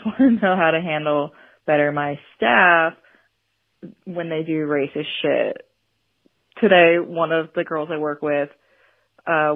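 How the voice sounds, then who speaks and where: A woman leaving a voicemail, nervous and giggly as she rambles through her question. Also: low-pitched. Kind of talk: voicemail message. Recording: tinny phone-line voicemail.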